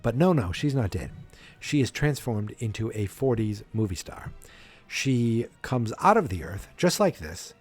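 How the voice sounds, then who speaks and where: Man, podcast host, husky voice, casual rambling recap, faint music behind. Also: mid-range voice, big pitch swings, unhurried, a little mellow. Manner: rambling recap that acts out quotes in silly voices. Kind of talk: casual movie review chat.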